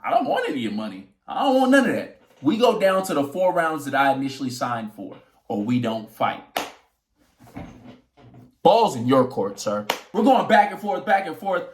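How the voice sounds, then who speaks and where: Young male boxer, a little high-pitched, echoey room, animated storytelling with swearing. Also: normal speed, a little hiss or hum. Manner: animated, swearing, acts out quotes. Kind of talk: casual storytelling vlog.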